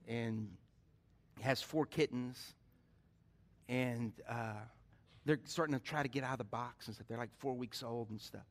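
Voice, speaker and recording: A middle-aged man preaching a sermon as pastor, telling stories with animation and putting questions to his congregation. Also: medium pitch.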